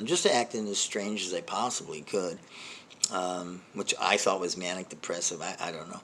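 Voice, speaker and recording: An older man spins a long comic story in a rambling, self-deprecating way, doubling back and wandering into asides. His voice sits fairly low, yet has a bright, pointed edge. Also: steady tone, a little fast, a little hiss or hum. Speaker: comedian, host. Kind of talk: storytelling monologue.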